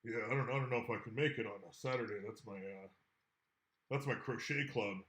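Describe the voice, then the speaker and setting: A man's voice: mid-range voice, brisk, fairly bright tone, voice pushed down, lightly acted. A man voicing a laid-back, boastful male goblin, drawling casually in an echoey room.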